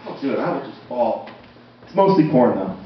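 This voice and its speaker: A man's voice: mid-range voice, sing-song, fairly quick, a little hiss or hum. Young man doing self-deprecating stand-up. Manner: self-deprecating, conversational with frequent ums. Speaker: stand-up comedian. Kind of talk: stand-up comedy set. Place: comedy stage at a university. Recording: roomy, distant, dull, audience laughter. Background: audience laughter.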